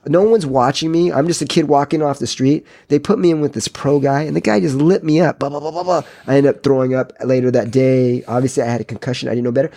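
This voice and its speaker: A man in his fifties, a gym owner, telling animated stories in casual podcast chat and acting out the voices of people he quotes. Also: medium pitch. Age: 50s. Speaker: jiu-jitsu gym owner and guest.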